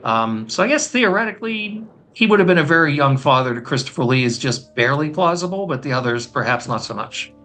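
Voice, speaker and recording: A man guesting on a film podcast, talking knowledgeably in a measured way with hesitant fillers. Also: a little high, lively intonation, bright, forceful tone. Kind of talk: casual film discussion.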